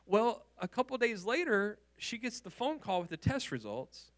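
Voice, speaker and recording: A male pastor preaching a sermon, telling a personal story with animated restarts and repeated words. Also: high voice, normal speed.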